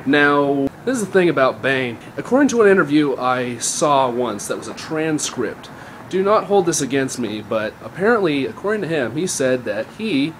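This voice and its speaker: Man, mid-pitched, casual and self-correcting, teaching on the move outdoors with a handheld mic; faint background noise. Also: fairly bright tone. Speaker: voice impression tutor. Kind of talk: improvised spoken tutorial. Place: outdoors, walking down a street.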